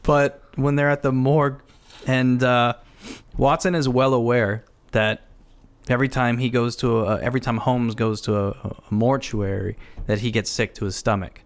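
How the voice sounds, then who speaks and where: A man's voice: medium pitch, fairly even intonation, moderate pace. A man co-hosting a podcast, chatting casually about a comedy film and retelling its scenes with many restarts. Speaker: podcast co-host. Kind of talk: casual chat reviewing a film.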